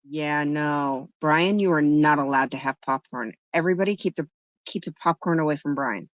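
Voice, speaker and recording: A woman's voice: sits low, normal speed, no room sound. Woman live-stream host, casual and chatty, tells stories and answers her viewers; dry, muffled lo-fi recording. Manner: chatty storytelling, answering chat. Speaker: livestream host. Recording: dull lo-fi, dry sound.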